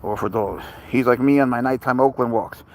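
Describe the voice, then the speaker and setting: A man's voice: medium pitch, brisk. A man hosting a casual livestream outdoors in a park. He rambles and answers viewer questions as he walks his cat, talking into a phone.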